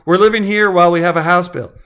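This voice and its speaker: A man plays a genial older man in a spoken story, chatty and good-humored. His voice sits a bit high and bright. He talks in a friendly, easygoing way. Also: fairly even intonation, fast, clean tone. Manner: cheerful, chatty.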